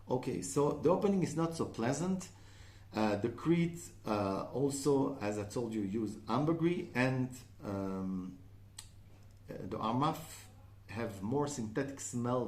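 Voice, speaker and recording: A man's voice: medium pitch, a little mellow. French-accented man reviewing perfume, roomy sound. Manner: chatty, frequent "okay?" and "uh" fillers. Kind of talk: casual spoken review.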